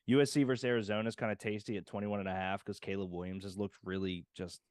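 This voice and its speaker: Low-voiced man rattling off scores. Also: flat delivery, fast talker, darkish tone, clean tone, no echo. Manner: rattles off scores, dry wit. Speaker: podcast co-host. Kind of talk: casual sports chat.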